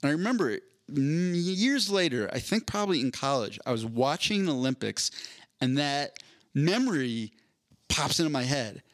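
A man's voice: a little high, big pitch swings, moderate pace, no echo, studio quality. A young adult man telling a rambling, self-deprecating story on a casual podcast, with many restarts. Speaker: podcast co-host.

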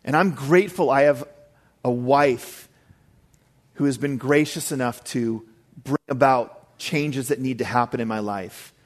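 A middle-aged man delivers a sermon in an easy, conversational way. He breaks off from scripture for casual asides to his listeners, and his voice sits at an ordinary pitch. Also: measured pace. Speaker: pastor.

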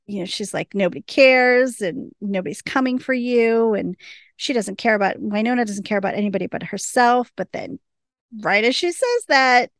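Chatty woman with a gravelly edge. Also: fairly high pitch, normal speed, dry recording, studio quality. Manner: animated, laughs often, acts out lines. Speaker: podcast host recapping a TV episode. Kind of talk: casual chat.

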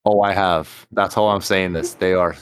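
A man playing a tabletop game, talking casually with lots of swearing and an animated delivery. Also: low voice, normal speed, slight background noise. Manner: profane, animated. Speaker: player. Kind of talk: casual chat.

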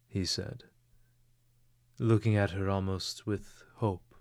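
Male audiobook narrator, measured expressive reading, very slow, dry close sound. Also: low voice, gravelly, no room sound.

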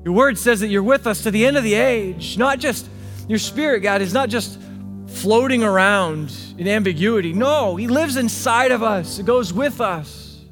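A male pastor preaching a sermon, swinging between hushed, intimate passages and emphatic, rising declarations. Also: high voice, animated, moderate pace. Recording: long hall reverb with faint music.

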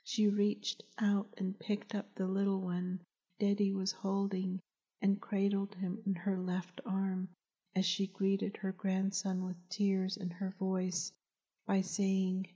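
A woman, the author, reading her novel aloud in a slow, gentle storytelling manner. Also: medium pitch, completely flat delivery. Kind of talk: audiobook narration. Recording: dull lo-fi recording.

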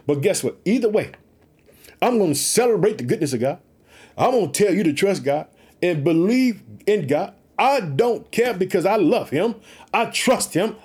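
A man preaching with excitement, reading a Bible story aloud and repeatedly urging listeners to trust God. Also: sits high, normal speed, husky.

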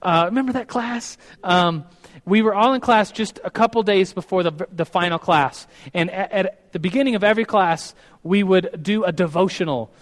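A man's voice: sits high, moderate pace, long reverb tail. Earnest man telling a devotional story. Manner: earnest, storytelling, many restarts.

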